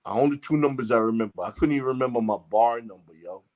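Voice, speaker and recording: With the highs cut off in the audio, a Jamaican man being interviewed talks fast in a mid-range, somewhat mellow voice. He tells a long, profane, casual story with emphasis, voicing the back-and-forth of the people involved.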